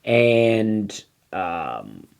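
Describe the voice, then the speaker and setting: A stand-up comedian spins a meandering comic story full of fillers and lost trains of thought. His fairly low voice is very animated, with drawn-out words and vocal fry.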